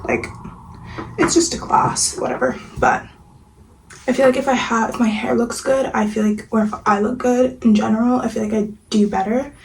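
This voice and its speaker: A woman's voice: on the high side, steady tone, normal speed, slight background noise, low-quality recording. A young woman chatting casually in a home vlog, rambling with lots of fillers and sometimes dropping to a near-whisper. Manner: soft, sometimes half-whispered. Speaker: vlogger. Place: home, kitchen and getting ready. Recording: audible room ambience behind the voice.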